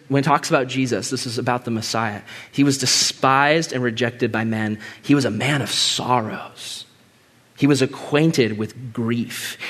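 Before a gathered audience in a room, a male preacher swings between forceful, booming high points and quiet, low-voiced stretches of his sermon.

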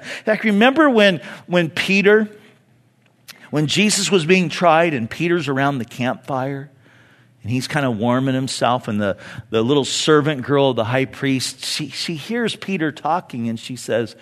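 A man from California preaching a conversational sermon in a church, with dramatic pauses. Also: a little high, expressive. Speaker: pastor.

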